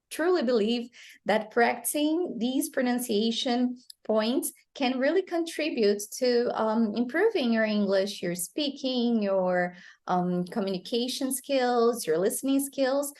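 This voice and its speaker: Slow-speaking woman English teacher. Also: fairly high pitch, darkish tone. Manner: slow, explanatory, repeats model phrases. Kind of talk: pronunciation lesson.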